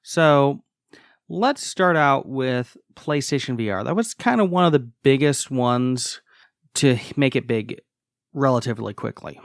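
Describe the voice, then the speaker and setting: A man's voice: medium pitch, animated, measured pace, vocal fry, no room sound, clean studio sound. A man presenting a podcast segment, casually explaining how tech systems work. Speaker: segment contributor.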